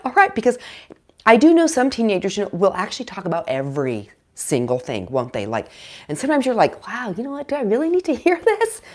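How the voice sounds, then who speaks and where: Female parenting host, lower register, very expressive pitch, chatty advice tone. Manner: chatty, animated, acts out parents and teens in quoted voices; peppers talk with "okay?" and "all right?". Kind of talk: casual direct-to-camera advice.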